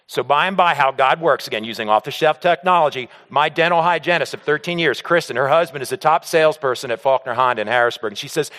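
A man's voice: on the high side, quick pace, in a large hall. A man preaching to a men's group, telling stories and acting out other people's voices. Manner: animated, acts out the voices of others in his stories. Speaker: pastor speaking to a men's group. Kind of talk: sermon with personal storytelling.

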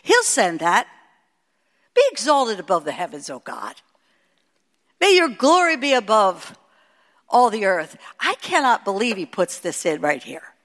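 An older woman teaching a sermon, moving between emphatic high peaks and hushed, quiet asides. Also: unhurried, long pauses. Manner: expressive preaching, rising to emphatic peaks and dropping to hushed asides. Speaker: Bible teacher. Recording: long hall reverb.

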